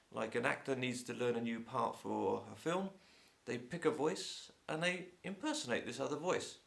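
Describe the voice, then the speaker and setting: A man's voice: mid-range voice, creaky. A man from England with a Home Counties accent, an English teacher chatting casually to camera with a sore throat and blocked nose. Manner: chatty, opinionated, lively.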